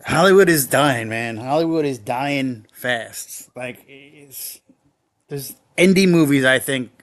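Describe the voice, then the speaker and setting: A man's voice: mid-range voice, slow. A young man co-hosting a podcast, chatting loosely with many fillers and swear words. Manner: rambling, swears freely, lots of fillers. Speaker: podcast co-host. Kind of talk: casual banter.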